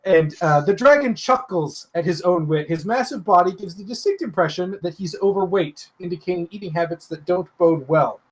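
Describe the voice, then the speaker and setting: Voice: mid-range voice, slightly rough. Game master narrating a tabletop scene. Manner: measured descriptive narration.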